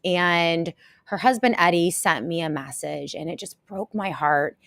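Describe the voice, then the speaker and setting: A woman hosting a live show, talking to her viewers in a halting, emotional way and close to tears. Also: on the low side, gravelly, a bit bright, dry recording. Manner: halting and emotional, many pauses and restarts. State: tearful, close to crying. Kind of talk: casual live-stream talk to viewers.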